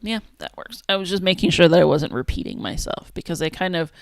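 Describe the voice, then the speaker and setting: Creaky-voiced woman chatting while she works. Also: fairly low pitch, animated, quick pace, no echo. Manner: chatty, thinks aloud, trails off and restarts. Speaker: zine maker streaming her work. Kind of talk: casual livestream chat while working.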